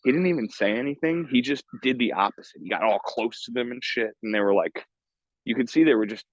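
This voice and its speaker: A man's voice: mid-range voice, fairly quick, no room sound. A young man from New York with a New York accent tells a story on his podcast. He talks in slang, swears a lot and fills gaps with fillers. The audio is dull and lo-fi, with a dry, close sound. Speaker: podcast host.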